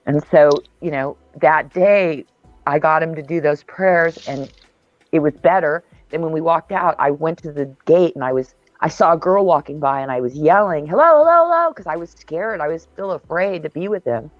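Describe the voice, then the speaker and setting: Woman, mid-pitched, emphatic storyteller with a swearing streak; dull, dry video-call audio. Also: normal speed, no room sound, faint music behind. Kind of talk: casual spiritual chat on a video call. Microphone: video call mic.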